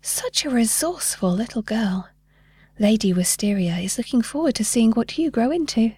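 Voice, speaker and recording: A tiny, sweetly sly fairy with a lilting sing-song voice, pitched a little high, as a woman reads her aloud. The storybook voice is close and dry. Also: animated, moderate pace, warm tone, husky, no echo.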